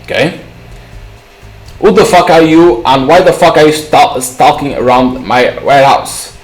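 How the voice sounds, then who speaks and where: Man reading crude sneering thug, mid pitch, roomy sound, quiet music bed. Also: a little slow, natural voice. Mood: threatening. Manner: swearing, taunting, threatening. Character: menacing adult male thug, crude and sneering.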